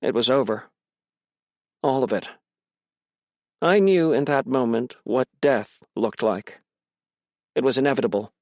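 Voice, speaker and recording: A man reading a crime mystery audiobook in first person, with a measured, tense delivery. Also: medium pitch, a little mellow, dry recording. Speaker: audiobook narrator.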